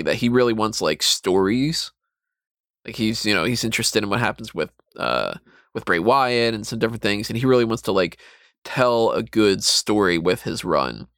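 A man talking casually as a podcast co-host, animated and rambling, with mocking asides. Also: medium pitch, no echo, studio quality. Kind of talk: casual wrestling chat.

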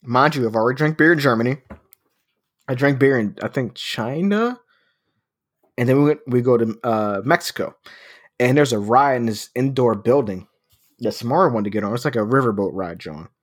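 A man's voice: medium pitch, normal speed. A man in his thirties telling a story in casual chat, swearing often and laughing as he talks. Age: 30s. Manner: profane, laughing anecdote telling.

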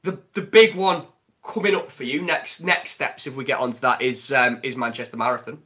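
Bright-voiced man hosting a podcast. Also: medium pitch, fairly quick. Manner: encouraging, asks short follow-ups. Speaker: podcast host. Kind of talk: casual interview chat. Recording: lo-fi podcast audio.

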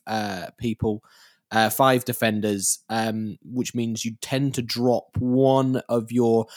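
A man calmly explaining the finer points of a sport on a casual podcast, steady and sure of his opinions. His mid-range voice is recorded close and dry, without any room echo. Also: mid-range voice. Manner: measured, explanatory, firmly contrarian. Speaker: podcast co-host.

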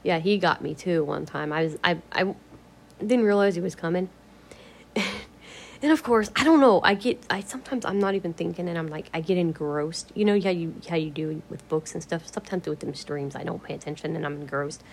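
A woman's voice: on the low side, fairly quick, gravelly, slight background noise. A woman vlogging at home in a casual, rambling way, swearing freely, laughing often and drifting into whispers.

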